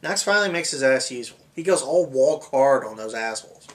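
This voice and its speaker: A man's voice: medium pitch, animated, brisk. A young man reading a comedic movie review script aloud, swearing freely and restarting lines when he stumbles. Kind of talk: amateur comedic review narration.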